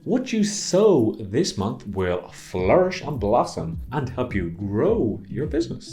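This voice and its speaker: An Irish man hosting an upbeat marketing video, playful and animated with jokey asides. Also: medium pitch, slow, few pauses, faint music behind. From Ireland. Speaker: host.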